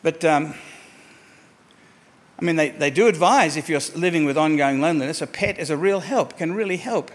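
Guy preaching, fairly high voice, hammers points by repeating words, drops soft then gets loud. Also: moderate pace. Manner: emphatic, repeats words for stress, swings from soft asides to raised declarations. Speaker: pastor. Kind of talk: sermon.

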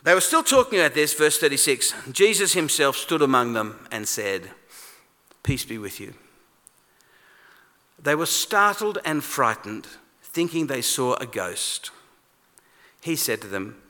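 A man preaching a sermon in a conversational, animated way, acting out quoted lines. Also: medium pitch, normal speed. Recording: long reverb of a large hall.

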